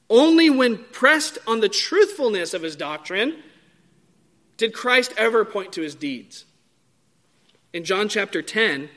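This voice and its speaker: A man preaching a sermon in a measured, emphatic way, drawing out key words. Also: high voice, bright, forceful tone.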